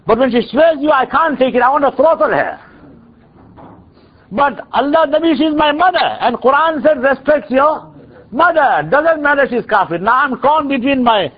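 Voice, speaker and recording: A man's voice: very high voice, husky, heavily acted. An earnest pleading young disciple, as a man tells it. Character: devoted young male disciple, torn and pleading. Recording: dull lo-fi recording.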